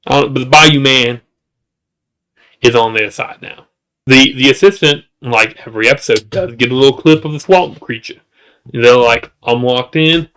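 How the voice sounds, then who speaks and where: Bright-voiced rambling man reviewer. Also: normal speed. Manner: rambling, jokey, with asides and restarts; works up into high-pitched exasperation. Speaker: show reviewer. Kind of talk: casual comedic recap.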